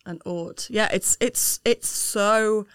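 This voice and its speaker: A woman co-hosting a podcast, blunt and quick to laugh in casual chat. Her pitch is middling. The sound is dry and close. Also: fairly bright tone, smooth, no room sound. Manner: frank, swears casually, laughs easily. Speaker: podcast co-host.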